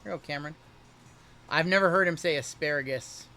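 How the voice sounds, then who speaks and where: A young man hosting a live-streamed card break, joking and hyping each pull in rapid running banter. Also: a little high, sharp tone.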